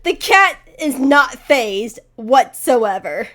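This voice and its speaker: Woman game master, high animated voice, slow and halting, keeps saying "say". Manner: hesitant, searches for words, fills with "say". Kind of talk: narrating a tabletop game.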